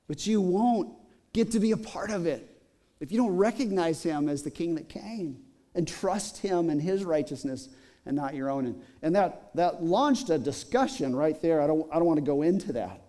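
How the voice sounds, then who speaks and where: A man's voice: on the high side, dark tone. A middle-aged man preaching as a pastor in a church, telling a story in a chatty way with many fillers. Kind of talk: sermon.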